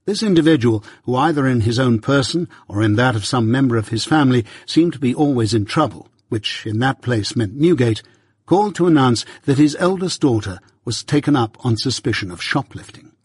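A man narrating a classic novel in the first person with a measured, even reading. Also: medium pitch, slightly rough, no room sound. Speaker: audiobook narrator. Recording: dry close mic.

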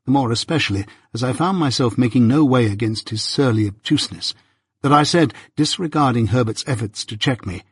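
A man narrating a classic novel in the first person, with expressive storytelling. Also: mid-range voice, a little fast, breathy edge, no echo, clean studio sound.

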